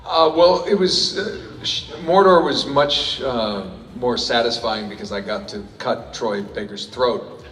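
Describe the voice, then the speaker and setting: A man answers fan questions at a convention panel, talking in loose, jokey, self-interrupting sentences. His mid-pitched voice booms through a PA into a big echoing hall. The recording picks it up from far off, with faint music underneath. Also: a little slow, fairly bright tone. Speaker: panel guest voice actor.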